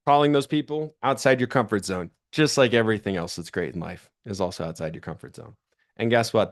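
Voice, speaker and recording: A young man giving a sales training talk to an audience, telling stories and acting out the people he quotes. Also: fairly low pitch. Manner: animated storytelling, acts out quoted voices.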